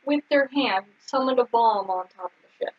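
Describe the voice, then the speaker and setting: A woman's voice: a little high, moderate pace. A woman co-hosting a casual recap chat, chiming in with quips and questions. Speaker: podcast co-host. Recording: dull lo-fi recording.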